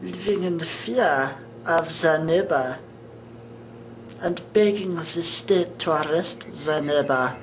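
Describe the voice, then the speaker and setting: Someone in a played clip voicing a sinister elite villain with a put-on German accent, slow and theatrical. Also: mid-range voice, a little hiss or hum. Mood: menacing.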